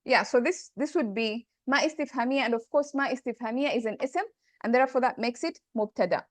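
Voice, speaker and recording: Higher-voiced woman teaching grammar, dry sound. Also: fairly quick, no room sound. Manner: thinks aloud, corrects herself, checks in with students. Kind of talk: online class explaining grammar.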